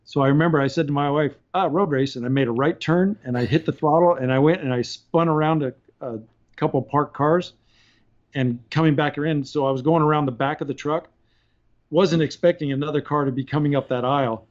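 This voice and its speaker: A man's voice: fairly high pitch, fairly quick, lo-fi sound. A man, a podcast guest, telling casual stories and laughing through his anecdotes. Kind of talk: casual storytelling.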